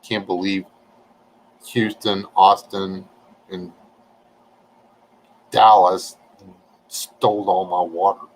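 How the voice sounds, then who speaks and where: A man's voice: sits low, little pitch movement, slow pace, long pauses, a little hiss or hum, poor audio. A man, chatting casually and joking with viewers on a livestream. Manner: folksy, joking, reading chat aloud.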